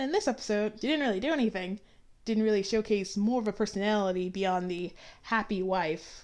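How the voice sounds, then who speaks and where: A woman giving an opinionated, chatty review with sarcastic asides. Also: medium pitch. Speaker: YouTube reviewer. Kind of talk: casual review commentary.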